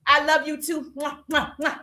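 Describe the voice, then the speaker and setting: Woman, Southern accent, business coach, live stream, high voice, bright and forceful, repeats herself, talks straight to viewers. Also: moderate pace. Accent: Southern American. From American South. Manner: energetic, exhorting, repeats phrases, addresses viewers directly. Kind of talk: live-stream motivational talk.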